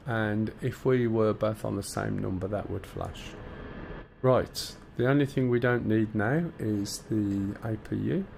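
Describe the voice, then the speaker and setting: Gravelly Black Country man streaming. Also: fairly low pitch, measured pace, a little mellow, a little hiss or hum. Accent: Black Country English. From English Midlands. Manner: chatty, bantering with chat while explaining cockpit steps. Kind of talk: casual live-stream chat.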